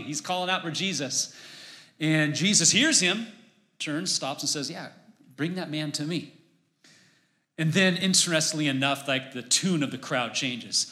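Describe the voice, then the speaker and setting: Bright, slightly high-voiced casual pastor. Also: male voice, a little slow. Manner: conversational, animated retelling with acted-out voices. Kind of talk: casual sermon.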